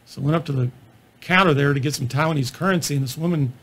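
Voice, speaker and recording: A man's voice: fairly high pitch, fast talker. A middle-aged man, a physician, telling self-deprecating travel stories as examples in a talk on comedy. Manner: self-deprecating storyteller, relaxed asides. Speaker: physician lecturing on stand-up comedy. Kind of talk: anecdotal presentation.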